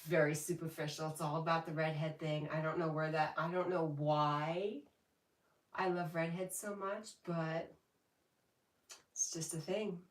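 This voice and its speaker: A woman hosts a relaxed livestream from home, reading out viewer comments and laughing often. She talks slowly, her voice sits a little low, and it sounds echoey and a bit far from the mic. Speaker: livestream host. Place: home, indoors. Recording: echoey room, voice from a distance.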